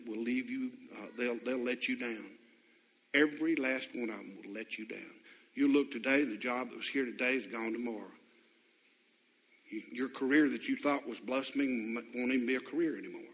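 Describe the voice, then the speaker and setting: A man's voice: mid-range voice, fairly bright tone, in a large hall. A man preaching a sermon as pastor, questioning his congregation and building to impassioned appeals.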